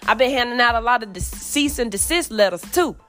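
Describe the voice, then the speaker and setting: A woman, hosting a podcast and venting in a heated, profane monologue that rises to yelling. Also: on the high side, lively intonation, a little fast, soft background music. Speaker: podcast host.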